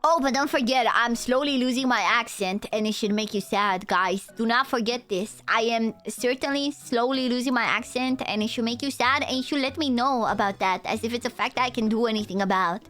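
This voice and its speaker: A woman's voice: fairly high pitch, fairly quick, few pauses, a bit bright. Playful young woman with Romanian accent. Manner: playful, teasing, rambling. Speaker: VTuber streamer. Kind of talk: casual live-stream chat with viewers.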